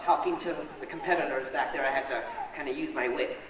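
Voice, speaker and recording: A man's voice: medium pitch, steady tone, quick pace. A young man who is sick, doing a self-deprecating stand-up routine. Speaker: stand-up comic. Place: hall with live audience. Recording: echoey hall with long reverb, recorded from far off, crowd noise. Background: crowd noise.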